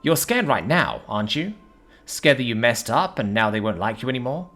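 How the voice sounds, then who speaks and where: A man's voice: medium pitch, very animated, moderate pace, a bit bright, soft background music, voice pushed up. A man doing a cocky, breezy human adventurer. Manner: breezy, swaggering, teasing.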